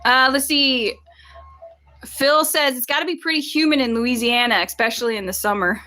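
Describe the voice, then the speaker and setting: A woman's voice: sits high, moderate pace, sharp tone. A woman who grew up in Virginia, co-hosting a casual livestream, reading viewer comments aloud and laughing often. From Virginia, USA. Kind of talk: casual chat.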